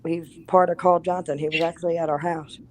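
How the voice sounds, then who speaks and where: A woman in casual conversation, telling a haunting story in an animated, profane way and acting out what people said. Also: on the low side, brisk, a little hiss or hum, low-quality recording. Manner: animated, profane, acts out quoted lines. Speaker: guest.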